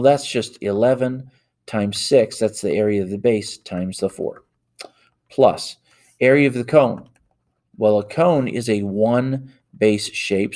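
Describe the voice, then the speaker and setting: Working math problems aloud one step at a time, this male teacher has a fairly low voice with a darkish tone. He punches numbers into a calculator as he speaks and catches his own mistakes along the way.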